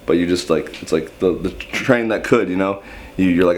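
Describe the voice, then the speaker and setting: A young man with a low voice gives a laid-back vocal lesson. He rambles and stumbles over restarts. He is self-deprecating and easygoing about his own skill. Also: steady tone, brisk, darkish tone. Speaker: screaming vocal instructor. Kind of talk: casual how-to explanation.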